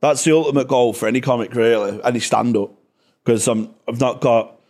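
Young man, stand-up comic guest, sweary and blunt, mid-pitched voice. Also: brisk. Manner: sweary, blunt, animated storytelling. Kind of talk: casual podcast chat.

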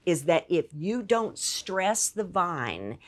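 A woman guest telling a personal story in an animated, expressive way. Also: lowish voice, slow pace. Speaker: podcast guest. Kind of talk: storytelling in conversation.

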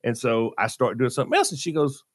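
Animated, self-mocking man telling a story. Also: medium pitch, fast, husky, dry recording, studio quality. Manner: animated, self-deprecating storyteller who acts out quoted dialogue. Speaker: radio show co-host. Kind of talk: casual talk radio storytelling.

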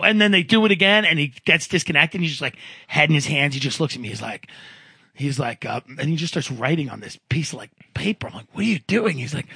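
A man's voice: a little high, expressive, quick pace, vocal fry, bright, forceful tone, breathy edge, no echo. A man hosting a casual comedy podcast, rambling through stories and acting out the people in them. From Long Island. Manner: rambling storyteller, acts out characters in quotes. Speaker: podcast host.

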